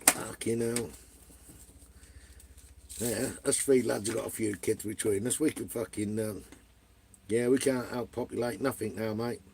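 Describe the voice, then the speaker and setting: Middle-aged English guy, gravelly voice, blunt and rambling, swears constantly, chatting to viewers on a livestream. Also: fairly low pitch, steady tone, a little slow, long pauses, a little mellow, slight background noise. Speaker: vlogger. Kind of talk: casual livestream chat, answering viewers.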